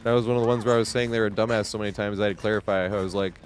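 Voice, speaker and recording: A man's voice: on the low side, steady tone, very fast, a little hiss or hum. A man streaming a game, chatting casually and telling stories with lots of laughter and swearing. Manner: laughs often, swears freely, tells stories animatedly. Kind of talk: casual live gameplay commentary.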